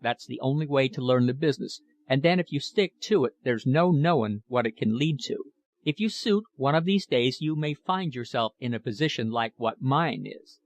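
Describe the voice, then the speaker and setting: A man's voice: lively intonation, moderate pace, dry recording, close to an everyday voice. Man putting on a pompous Cockney shop manager. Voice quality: high metallic voice. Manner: pompous, talkative, brusque.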